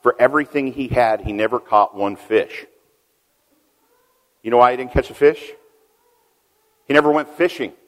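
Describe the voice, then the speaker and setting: A middle-aged man preaching a sermon as a pastor, telling a story that swings between loud emphasis and hushed asides. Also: mid-range voice, moderate pace, pauses often. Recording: long reverb of a large hall.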